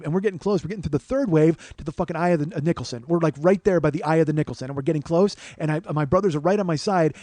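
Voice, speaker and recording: Host-comedian, middle-aged man, high voice, dry close sound; animated, foul-mouthed storyteller. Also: no echo. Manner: animated, profane, builds to excited loud stretches. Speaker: podcast host. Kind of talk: comic storytelling monologue.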